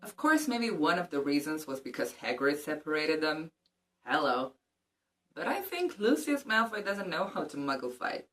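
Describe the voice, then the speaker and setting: Low-voiced woman vlogging, cheeky asides. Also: very animated, moderate pace, a bit bright. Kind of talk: casual book commentary with read-aloud passages.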